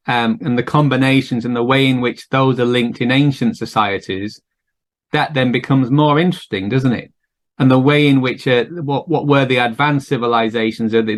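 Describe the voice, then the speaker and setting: Musing male podcast host. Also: medium pitch. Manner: thoughtful, musing, many fillers. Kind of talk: casual conversation.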